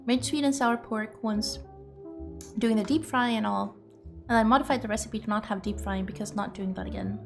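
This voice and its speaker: A woman's voice: medium pitch, steady tone, moderate pace, gravelly, over music. A young woman streaming, chatting casually with viewers in a self-mocking, laughing way.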